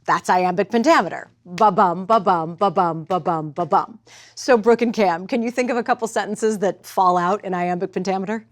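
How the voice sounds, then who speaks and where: Woman, acting teacher, measured lecture with demonstrations, faint background noise. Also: medium pitch.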